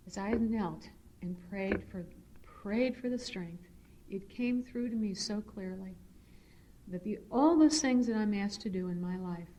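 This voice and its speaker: A middle-aged woman giving a personal testimony at a recovery meeting. She tells her story in an animated, earnest way and shifts into spiritual reflection. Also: slight background noise. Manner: animated storyteller, swings to high excited re-enactment. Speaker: speaker sharing at a recovery meeting.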